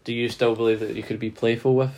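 A man's voice: medium pitch, flat delivery, quick pace, a little mellow. A man co-hosting a podcast, asking thoughtful questions in casual chat. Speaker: podcast co-host.

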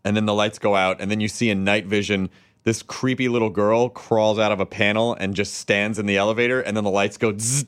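A man, a podcast co-host, retelling something with excitement in casual chat, swearing now and then. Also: fairly low pitch, fairly quick, clear, resonant tone.

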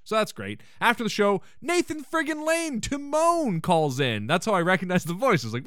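A man hosting a podcast, casually recapping an episode in a joking, animated way with the odd swear and laugh. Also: high voice, a little fast, few pauses, no room sound, studio quality. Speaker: podcast host.

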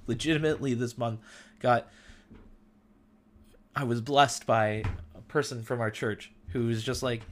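A man's voice: mid-range voice, steady tone, a little slow, pauses often, a little hiss or hum. A middle-aged man hosting a casual faith talk, speaking earnestly and with feeling, using loose everyday slang. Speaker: host.

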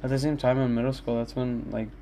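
Young man, casual solo ramble, candid, cursing, middle-pitched voice, faint hiss behind. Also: flat delivery, fast talker, warm tone. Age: young adult. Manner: rambling, candid, swears often. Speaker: podcast host. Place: his own room.

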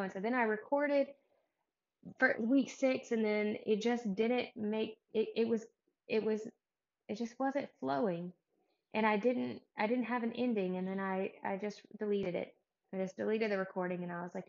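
A woman's voice: medium pitch, steady tone, moderate pace, highs cut off. Earnest, rambling woman podcaster. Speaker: podcast host. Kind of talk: casual devotional Bible talk.

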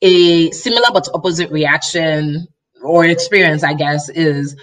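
A woman's voice: deep voice, a little slow. A woman from Nigeria, speaking in a thoughtful, reflective way during a casual chat. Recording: voice slightly distant from mic.

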